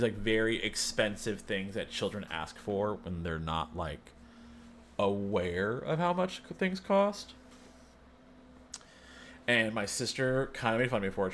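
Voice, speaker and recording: Rambling low-voiced man. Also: fairly bright tone, slight background noise. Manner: rambling, self-interrupting, wry. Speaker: streamer. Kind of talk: casual storytelling chat.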